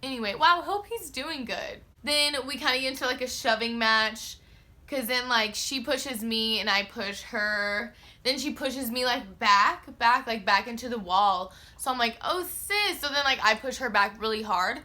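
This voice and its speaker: A young woman vlogger with a fairly high voice tells a casual storytime at normal speed. She is slangy and profane, full of filler words, and expressively acts out her own quotes.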